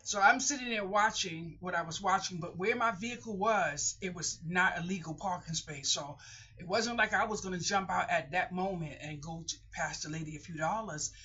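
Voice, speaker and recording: Older woman vlogger, bright, forceful and emotional, talks in repeating rambles. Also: lowish voice, moderate pace, husky. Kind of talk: casual talking-to-camera vlog. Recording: muffled lo-fi home recording.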